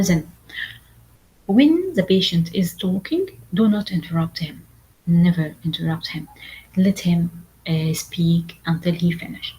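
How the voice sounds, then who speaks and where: Lowish-voiced woman lecturer, halting delivery. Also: darkish tone, rough recording. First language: Arabic. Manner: repetitive, with many fillers and restarts, often asks "okay?". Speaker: medical exam lecturer. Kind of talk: online lecture.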